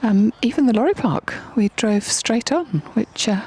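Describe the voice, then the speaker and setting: Gravelly-voiced woman commentating outdoors. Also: on the high side, animated, moderate pace, dark tone. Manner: chatty, encouraging, talks to the horse. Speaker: filming and commentating at a horse event. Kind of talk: casual live commentary. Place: outdoors at a windy, wet showground.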